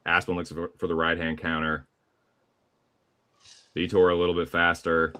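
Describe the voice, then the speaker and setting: Deep bright-voiced Southern fight caller. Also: male voice, completely flat delivery, smooth. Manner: casual, profane, rapid play-by-play calls. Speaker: play-by-play commentator. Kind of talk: live fight commentary.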